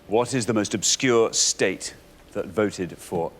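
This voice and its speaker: A man's voice: on the low side, takes it slowly, breathy edge. A man hosting a quiz show, announcing with playful, theatrical energy. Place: TV studio with audience.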